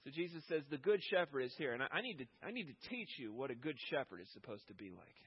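A man preaching a conversational sermon, rising in pitch and force as he makes his points. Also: big pitch swings, fast talker, slightly rough, muffled recording. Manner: conversational preaching, rising with emphasis when voicing God. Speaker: pastor.

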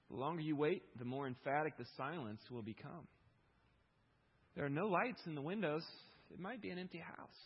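A man preaching a sermon, moving between loud pleading questions and quiet reflective reading, with a husky voice. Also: on the high side, dull audio. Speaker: pastor.

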